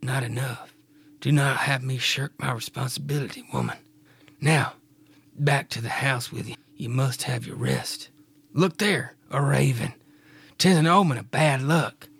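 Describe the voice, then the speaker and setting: A man doing a gravelly stern Scottish farmer. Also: mid-range voice, unhurried, fairly bright tone, exaggerated voice. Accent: put-on Scottish. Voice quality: gravelly, raspy.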